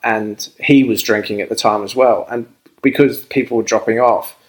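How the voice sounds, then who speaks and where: A man's voice: lowish voice, steady tone, normal speed, low-quality recording. A young Australian man, a podcast guest, telling a rambling story in casual chat and laughing as he goes. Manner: laid-back, rambling, laughs through his story.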